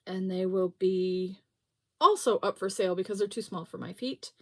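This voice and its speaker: A woman's voice: medium pitch, moderate pace, pushed and bright. A middle-aged woman hosting a knitting podcast, chatting casually and laughing at herself as she shows her projects. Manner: chatty, self-deprecating, laughs often. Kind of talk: casual show-and-tell chat.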